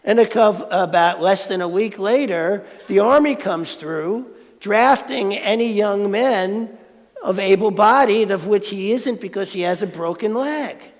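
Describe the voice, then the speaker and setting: A man's voice: sits high, unhurried. A man giving a conversational sermon at a spiritual centre, playful and asking the audience questions. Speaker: spiritual speaker. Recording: reverberant hall.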